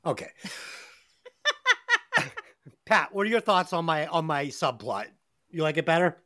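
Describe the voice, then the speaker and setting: A woman hosts a loose movie review podcast. Her pitch swings widely as she talks, and she swears freely and hammers her points home with emphasis. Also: fairly quick. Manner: animated, profane, emphatic. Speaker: podcast host. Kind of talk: casual movie review chat.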